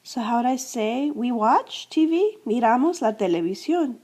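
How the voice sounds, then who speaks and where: On the high side with a dark tone, her voice has lively intonation and a moderate pace. The Spanish teacher, from the United States, runs a classroom-style grammar lesson, going step by step, repeating verb endings and supplying answers to her own questions.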